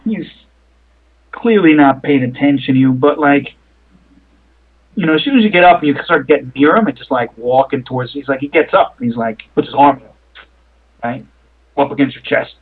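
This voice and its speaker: A man's voice: medium pitch, moderate pace, pauses often, slightly rough. A man running a tabletop game as game master, rambling with many fillers and the odd swear word. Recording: tinny phone-like line.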